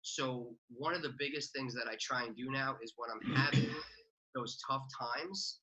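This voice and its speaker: A man who invests in real estate chats casually as a podcast guest in interview-style talk. His medium-pitched voice sounds pushed and bright with the highs cut off, and he speaks fast, packing his chatter with "like" fillers.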